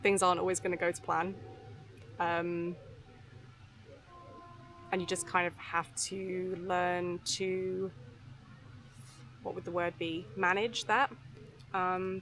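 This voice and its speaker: Soft-spoken woman rambling outdoors. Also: on the low side, a little hiss or hum. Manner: soft, unhurried, frequent fillers and restarts. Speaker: vlogger. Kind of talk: candid rambling talk to camera. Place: outdoors beside a river on a footpath.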